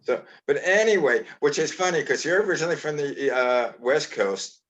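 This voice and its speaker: An older man from New York with a Brooklyn accent, hosting a casual chat and telling stories in a rambling, halting way with many restarts. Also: fairly high pitch, expressive, fairly bright tone. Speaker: host.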